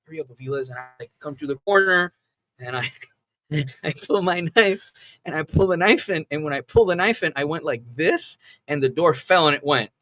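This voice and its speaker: A man telling stories from his army days in a casual, profane way, acting out the loud lines he quotes. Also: fairly high pitch, normal speed, no echo. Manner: animated, acts out yelled quotes. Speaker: veteran telling war stories.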